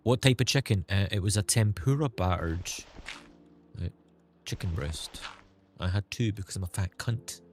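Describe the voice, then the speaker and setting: Sarcastic man with a low voice. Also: expressive, moderate pace, faint music behind. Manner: sarcastic, swearing, chatty. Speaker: streamer. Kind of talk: casual live-stream chat with viewers.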